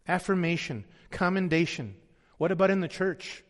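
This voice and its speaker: A man's voice: high voice, moderate pace, fairly bright tone, long reverb tail. A man preaching a sermon as pastor, earnest, sometimes voicing the people he quotes.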